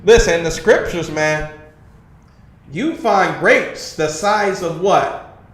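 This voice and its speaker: A man with a notably high voice leads a streamed religious class in a forceful preaching style. He drives each point home and keeps asking his listeners if they understand. His voice rings around an echoey room. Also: takes it slowly. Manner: emphatic, constantly asks "you understand?" and says "man". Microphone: livestream computer mic.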